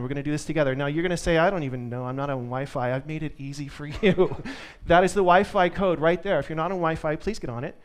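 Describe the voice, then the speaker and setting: A man giving a live conference tech talk to an audience, upbeat and joking. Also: on the high side. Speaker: conference speaker.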